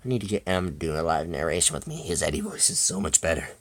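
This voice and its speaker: A man's voice: deep voice, animated, fast. A man casually reading a second-person story aloud, breaking off with personal asides. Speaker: fanfiction reader.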